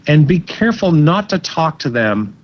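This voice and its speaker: A man speaking as a psychologist guest in an interview, giving measured advice and often repeating words as he thinks. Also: a little high, very animated, muffled recording. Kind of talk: interview answers.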